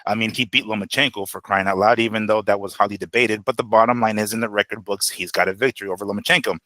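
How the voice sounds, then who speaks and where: Bright, animated male boxing co-host. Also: fairly low pitch, fast, no room sound. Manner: animated, profane, acts out quotes. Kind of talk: casual boxing analysis.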